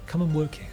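A man co-hosting a podcast in casual chat, with dry teasing remarks. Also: medium pitch. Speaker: podcast co-host.

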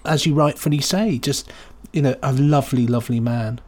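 A man's voice: mid-range voice, a little fast, a little mellow. A man co-hosting a podcast, chatting in an agreeable, reflective way. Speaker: podcast co-host. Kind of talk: casual chat.

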